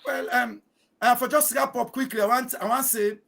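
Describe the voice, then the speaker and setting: A Sierra Leonean man speaks as a guest commentator in emphatic, oratorical Krio-English. His voice sits very high for a man and has a gravelly fry. He leans on proverbs to make his points. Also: fairly even intonation, moderate pace, bright, forceful tone. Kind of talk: political discussion show.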